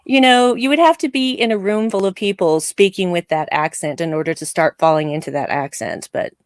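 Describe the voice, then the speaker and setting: A woman hosting a live discussion show, giving opinionated, animated takes with laughing asides. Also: fairly low pitch, a little fast, dry recording. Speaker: show host.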